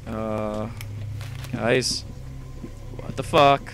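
A man's voice: fairly low pitch, fairly even intonation, drawn-out words, fairly bright tone, a little hiss or hum. A young man hosting a gaming video, rambling casually, exasperated and swearing a lot. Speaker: host.

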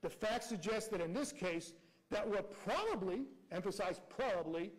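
A man's voice: high-pitched, moderate pace, low-quality recording. A man arguing as prosecutor before a judge, reading out quotes and pressing rhetorical questions. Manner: reads quotes aloud. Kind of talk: courtroom argument.

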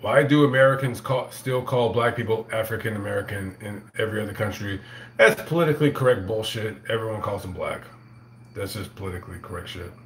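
A man hosting a casual livestream, telling a profane, rambling story full of halting restarts. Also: on the low side, echoey room, a little hiss or hum. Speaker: livestream host reading super chats.

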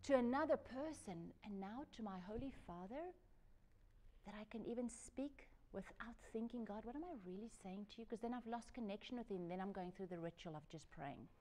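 A woman's voice: mid-range voice, expressive, moderate pace, darkish tone. A woman giving a discipleship Bible lesson in an earnest, personal, conversational way, acting out quoted lines as she goes. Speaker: Bible teacher. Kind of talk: discipleship teaching.

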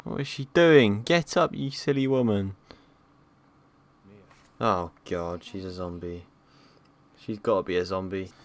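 Young guy, horror gameplay commentary, slow-talking, jumpy, swears a lot. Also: low voice, slight background noise. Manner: jumpy, swears and yelps at scares. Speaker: gaming YouTuber.

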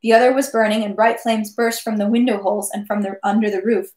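A woman reading a classic novel aloud in measured, steady narration. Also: mid-range voice. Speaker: reader. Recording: echoey room.

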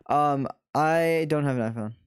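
A man's voice: on the high side, a little slow, smooth, no room sound, studio quality. A young man streaming a video game, chatting and mocking himself as he plays. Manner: self-mocking, exclaims often. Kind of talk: gaming commentary. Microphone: desk mic.

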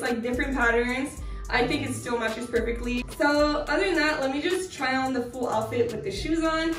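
A woman's voice: sits high, far from the mic. A young woman chatting casually in a fashion try-on vlog, gushing and bubbly, full of "like" and "so cute". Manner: bubbly, gushing, filler-heavy. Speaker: fashion vlogger. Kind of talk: casual try-on haul chat. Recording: echoey room, voice set back from the mic.

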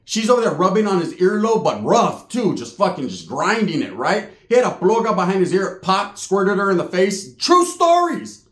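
A man's voice: high-pitched, very animated, normal speed. A man telling a slangy, profane comedic story, full of punchy asides. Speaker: comic storyteller. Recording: roomy echo.

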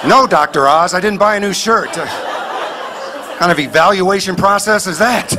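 A man's voice: high-pitched, normal speed, a crowd in the background, noisy background. A man doing a clean stand-up set before a live audience, telling punchy stories with mock dialogue. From Kansas City area, US. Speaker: stand-up comedian. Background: audience laughter.

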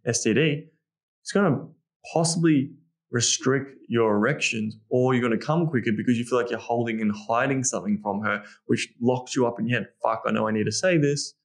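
A man's voice: mid-range voice, brisk. A man with an Australian accent, a guest coach talking frankly on a podcast, swearing freely and acting out the lines he would say. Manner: blunt and heavily profane, acts out lines he would say. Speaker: guest, dating and sex coach. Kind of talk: candid podcast conversation.

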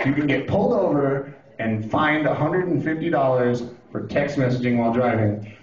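A man doing a profane, animated stand-up routine on a club stage, now and then breaking into shouted impressions. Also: mid-range voice, moderate pace. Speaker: stand-up comedian. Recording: roomy, distant, dull lo-fi club recording. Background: audience laughing.

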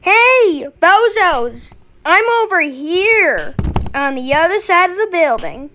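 Let's play host: woman, very high voice, unhurried, panicky and excitable. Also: a little hiss or hum. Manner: excitable, panicky, yelling in fright. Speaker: gameplay commentator.

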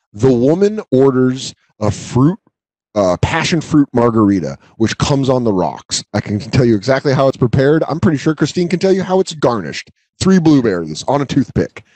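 A man in his thirties telling a profane, animated story in casual chat. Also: medium pitch, no echo, low-quality recording. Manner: profane, animated, acts out customers' voices. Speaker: guest storyteller.

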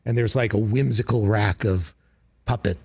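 A man's voice: fairly low pitch, moderate pace, gravelly, breathy edge, no echo, studio quality. Middle-aged man telling stories in an interview. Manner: animated, slips into character voices. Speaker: guest comedy writer. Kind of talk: casual interview storytelling. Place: radio studio.

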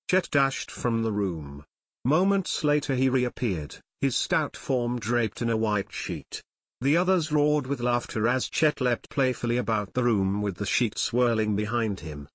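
A man reading a novel aloud as audiobook narrator. His pitch moves a lot, and the sound is dry and close. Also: lively intonation, unhurried, a bit bright, no room sound. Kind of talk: scripted narration.

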